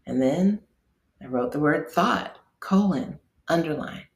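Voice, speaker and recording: A middle-aged woman hosting a casual instructional talk as a meditation teacher, candid and conversational, dropping to a hush on soft asides. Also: low voice, lively intonation, slow pace. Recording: echoey room.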